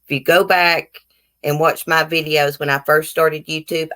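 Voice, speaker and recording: This deep-voiced woman speaks at normal speed in a level, sharp tone. Hailing from the American South and carrying a Southern accent, she hosts a casual YouTube live stream, reading viewer comments and replying in a frank, blunt manner.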